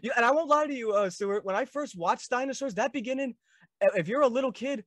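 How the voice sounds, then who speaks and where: A man's voice: extremely high pitch, fast, fairly bright tone. A young man hosting a video call interview, asking rambling, eager questions full of fillers. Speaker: host.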